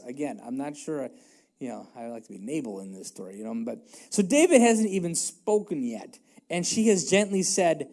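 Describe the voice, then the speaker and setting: Man preaching a casual sermon, higher voice. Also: lively intonation, normal speed, mellow. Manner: conversational, self-deprecating, with emphatic repeated catchphrases. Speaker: pastor. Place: church sanctuary.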